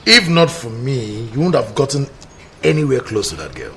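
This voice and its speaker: An actor playing a wry young Nigerian man who teases his friend in a deliberate way. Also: medium pitch, very animated, a crowd in the background. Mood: teasing. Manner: teasing, deliberate. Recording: noisy background ambience.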